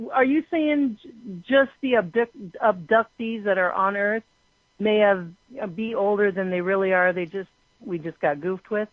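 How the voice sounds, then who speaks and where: A woman hosting a conference call chat, asking rambling questions and reacting with excited exclamations. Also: mid-range voice, dry recording. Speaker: host of a call-in show. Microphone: phone. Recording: tinny dry phone line.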